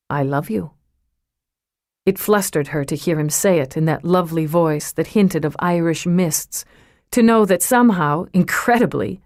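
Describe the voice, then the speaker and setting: A woman narrating a novel as an audiobook reader, in a measured, even storytelling manner. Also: fairly low pitch, no echo, studio quality. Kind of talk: scripted narration.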